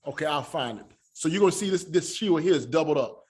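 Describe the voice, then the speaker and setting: Teaching Hebrew in a classroom, a man with a slightly high voice sounds animated yet a little mellow. He patiently drills pronunciation by saying every word slowly and repeating it so students keep up, and his easygoing, Southern-flavored talk includes "y'all."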